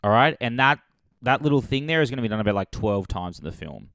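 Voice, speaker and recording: A man hosting a comedy podcast, rambling through a sarcastic movie pitch in a deadpan way, with sudden loud jumps. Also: quick pace, creaky, dry recording, clean studio sound.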